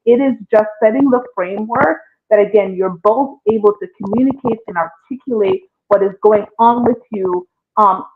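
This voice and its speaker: A woman with a mid-range voice hosts a casual relationship talk show, speaking expressively and addressing her listeners directly. The podcast discussion has a tinny, phone-like sound with slight background noise.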